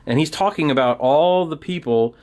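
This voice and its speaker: A man's voice: a little high, moderate pace. A man teaching children a Bible story at a felt board, talking straight to the boys and girls and acting out the parts as he goes. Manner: animated storyteller, acts out soldiers and crowd.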